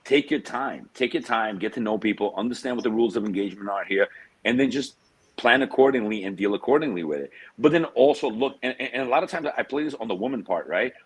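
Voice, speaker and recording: A man's voice: medium pitch, slightly rough, rough recording. A man, a guest telling stories in a casual interview, streetwise and full of slang. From United States. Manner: streetwise slang, drawn-out tangents.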